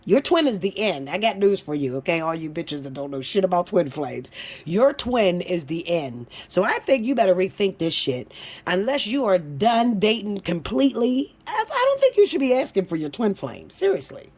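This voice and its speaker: A woman giving a casual tarot reading to camera. She talks bluntly and swears a lot, with a teasing tone that swings from low mutters to high, loud bursts. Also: sing-song, normal speed, breathy edge. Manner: blunt, profane and teasing, breaks into laughs. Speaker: tarot reader.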